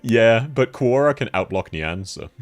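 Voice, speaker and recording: Laughing, animated man streaming. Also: medium pitch, unhurried, faint music behind. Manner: chatty, laughs often, animated. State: sick with a cold. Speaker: VTuber streamer. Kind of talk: casual livestream chat reading.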